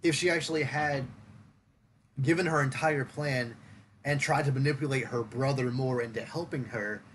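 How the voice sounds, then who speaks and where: A podcast host, a man with a voice in the middle of the usual range, reviews a movie in casual conversation. He builds his points slowly, pausing with "um" and "like". Faint noise sits under his voice. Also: medium pitch, a bit bright. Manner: thoughtful, explains at length with fillers.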